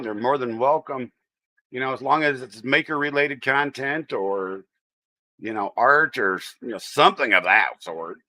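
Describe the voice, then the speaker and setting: A man's voice: mid-range voice, pushed and bright. An American man hosting a casual livestream, chatting in a rambling way and greeting viewers by name. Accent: General American. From United States. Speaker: livestream host.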